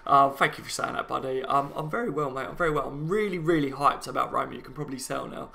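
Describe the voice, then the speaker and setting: A man's voice: medium pitch, fast talker, creaky, sharp tone. A man with a Liverpool accent hosting a fan live stream, chatting passionately to viewers about an upcoming match and reading out their comments. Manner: passionate, chatty, talks to viewers as "guys" and "lads".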